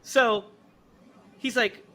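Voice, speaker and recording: A man hosting a podcast who retells a movie in a casual, animated, profane way and laughs often. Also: very slow. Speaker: podcast host. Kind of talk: casual movie review chat.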